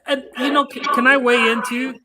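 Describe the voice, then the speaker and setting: A man's voice: very high-pitched, flat delivery, brisk, sharp tone, slight background noise. A man panelist on a video call speaking in an earnest, tentative way.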